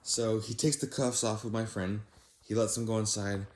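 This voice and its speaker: A young man with a fairly low voice relays a story in a casual storytime manner. He gets animated, jumping up in pitch when quoting his own disbelief. The recording has a noticeable room echo. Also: moderate pace. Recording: echoey room.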